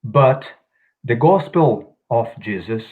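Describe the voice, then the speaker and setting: Over a tinny, phone-like video call line, a guest speaker gives a spiritual talk, speaking slowly in an animated, mid-range voice. Portuguese is his first language, and his delivery is hesitant, full of ums and non-native grammar.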